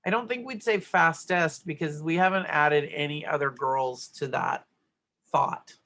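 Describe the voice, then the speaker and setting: Middle-aged woman going over grammar answers, gravelly voice, keeps asking "right?". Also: sits low, a little slow, a bit bright. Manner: explains step by step, checks in with "right?". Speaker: teacher. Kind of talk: grammar worksheet lesson.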